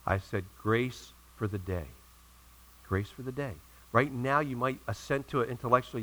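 A male pastor preaching a sermon in a church, telling a story and rising to loud emphatic peaks before dropping to quiet asides. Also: mid-range voice, normal speed, rough recording.

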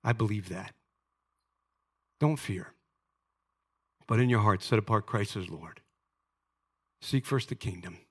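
A man's voice: fairly low pitch, unhurried, long pauses, breathy edge. A pastor giving an earnest, emotional sermon and speaking directly to his congregation.

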